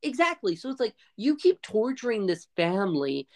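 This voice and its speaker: A woman's voice: mid-range voice, big pitch swings, normal speed, darkish tone. A woman co-hosting a casual movie review podcast, adding chatty, opinionated asides. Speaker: podcast co-host.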